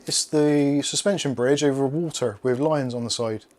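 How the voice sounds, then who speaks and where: A man's voice: medium pitch, moderate pace, a little mellow. Rambling Englishman chatting through an unboxing. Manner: rambling, jokey, talks to pets and chat. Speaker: tech video host. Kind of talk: casual unboxing chat.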